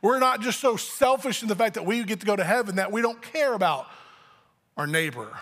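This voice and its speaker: A man's voice: high voice, lively intonation, a little fast, a bit bright, in a large hall. A man preaching a sermon as pastor, talking in a conversational way and acting out little family dialogues. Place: church sanctuary.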